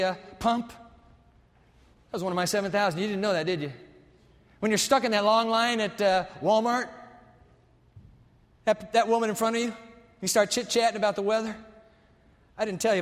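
A man's voice: sits high, fairly even intonation, brisk, long pauses, natural voice. A man voicing God in a sermon, speaking to the preacher in an earnest, questioning way. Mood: pleading. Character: God, calm divine voice addressing a preacher. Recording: long hall reverb.

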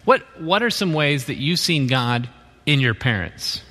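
A man interviewing members of a church community, asking gentle follow-up questions. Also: on the high side, sing-song, a little slow, long reverb tail.

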